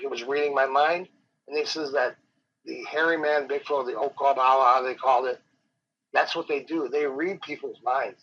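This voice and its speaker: A man, a professional wrestler, telling his encounter stories in a rambling, dramatic way that slows down for suspense. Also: mid-range voice, a bit bright, slight background noise. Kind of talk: animated storytelling. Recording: dull lo-fi interview audio.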